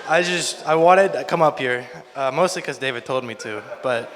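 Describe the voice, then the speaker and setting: A young man giving a nervous, halting groomsman toast at a wedding, stumbling and restarting. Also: mid-range voice, background noise. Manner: halting, flustered, lots of restarts. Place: wedding reception hall. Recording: long hall reverb.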